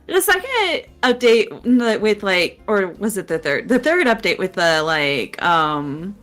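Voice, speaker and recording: Unhurried woman guest with bouncy pitch, drawn-out laughing reactions, faint music behind. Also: sing-song, fairly bright tone. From United States. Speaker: guest streamer. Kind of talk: casual chat.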